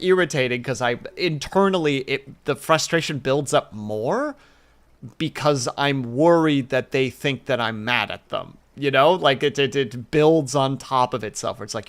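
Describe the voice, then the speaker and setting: A man's voice: medium pitch, fairly bright tone. A man streaming, chatting casually and reflectively with viewers, rambling with many fillers.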